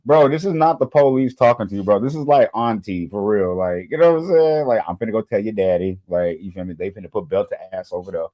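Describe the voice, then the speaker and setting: Animated slangy man reacting to clips. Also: lowish voice. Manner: animated and slangy, acts out quick impressions. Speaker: reaction video host. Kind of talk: casual reaction commentary.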